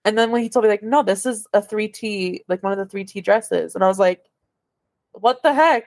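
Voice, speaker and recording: A young woman co-hosting a podcast in casual chat, talking quickly through stories with lots of filler words. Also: medium pitch, no echo, studio quality. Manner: chatty, heavy on fillers, animated retelling. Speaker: podcast co-host.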